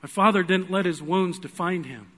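A man preaching a sermon in a church, telling a personal story earnestly, swinging between loud pleading and hushed, quiet moments. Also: high voice, moderate pace.

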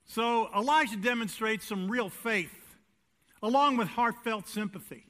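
A man preaching a sermon as pastor, swinging between loud emphatic declarations and hushed lines, and putting rhetorical questions to the congregation. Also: sits high. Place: church sanctuary.

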